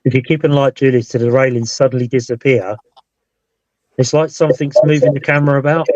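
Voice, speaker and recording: This British man, a paranormal investigator and show host, has a medium-pitched, steady, slightly mellow voice and talks briskly. He's hosting a casual live paranormal chat, rambling and restarting sentences, and the dry recording has a dull lo-fi sound.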